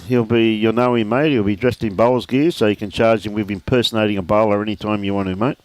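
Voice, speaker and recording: A low-pitched man commentates a lawn bowls match live. His talk is chatty and joking, full of "mate", and it is recorded close and dry with no room sound. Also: fairly even intonation, fast talker, darkish tone, no room sound.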